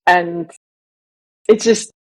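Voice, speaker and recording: A woman's voice: lowish voice, fairly even intonation, very slow, rough recording. A woman raised in Malaysia who speaks with a Southern English accent, co-hosting a casual podcast in a rambling way with frequent laughs. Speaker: podcast co-host.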